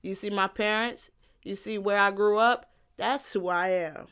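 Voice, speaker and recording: A woman's voice: medium pitch, steady tone, measured pace, a bit bright, clean tone. Young woman podcaster going off on a rant, blunt and sweary, keeps repeating herself, laughs at her own lines. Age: young adult. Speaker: podcast host. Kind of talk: casual solo podcast rant.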